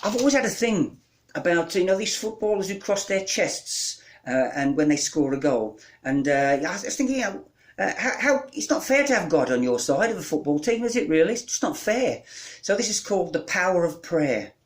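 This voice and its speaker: A man performing comic verse and spoken word, with deadpan delivery that rattles off long lists. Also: on the high side, moderate pace. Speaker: comic poet.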